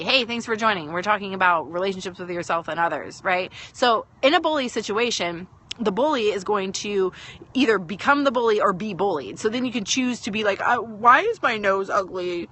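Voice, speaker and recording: A woman's voice: mid-range voice, fairly bright tone. A woman hosting a casual live stream from home, talking through her thoughts with lots of fillers and greeting viewers as they join.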